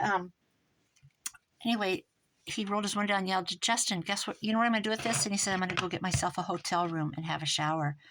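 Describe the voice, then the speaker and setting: A middle-aged American woman telling a long story in casual chat, rambling and animated, with restarts and quoted dialogue. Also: lowish voice, slight background noise, rough recording. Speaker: crafting vlogger.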